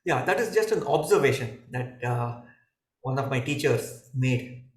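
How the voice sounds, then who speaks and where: A man, a yoga teacher, giving calm, measured explanations in a podcast conversation, pausing and restarting now and then. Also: mid-range voice. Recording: echoey room.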